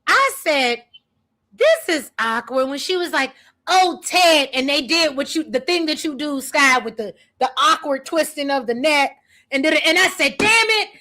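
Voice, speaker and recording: A woman hosts a casual talk show and chats animatedly. Her voice sits high for a woman and sounds bright and crisp. She talks in an open, welcoming way. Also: moderate pace. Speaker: podcast host. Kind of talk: casual chat.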